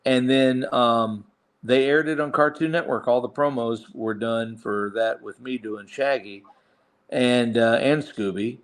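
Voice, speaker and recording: A middle-aged man in a relaxed interview, spinning long career stories at an even, mid-range pitch. He rambles, restarts his sentences and trails into asides as he goes. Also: unhurried. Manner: rambling anecdotes with many restarts. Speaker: guest voice actor. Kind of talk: casual storytelling interview.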